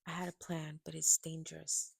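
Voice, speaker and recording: A woman reading a first-person memoir aloud, turning dramatic and louder in the quoted scenes. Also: low voice, little pitch movement, normal speed, gravelly, breathy edge, dry recording. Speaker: audiobook reader.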